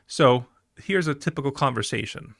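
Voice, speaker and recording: A man's voice: medium pitch, lively intonation, moderate pace, no room sound, clean studio sound. A man teaching a class in a recorded lecture, talking conversationally with fillers and asides.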